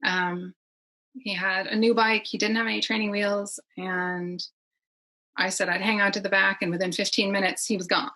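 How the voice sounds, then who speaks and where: A middle-aged woman chatting as a podcast guest, rambling warmly and laughing often. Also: medium pitch, flat delivery, normal speed, low-quality recording. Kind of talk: casual conversation.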